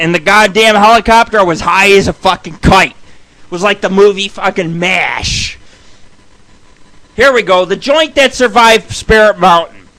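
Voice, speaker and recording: A man's voice: high-pitched, fairly bright tone. A man hosting a radio show, telling rambling, crude stories packed with swearing. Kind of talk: profane storytelling monologue.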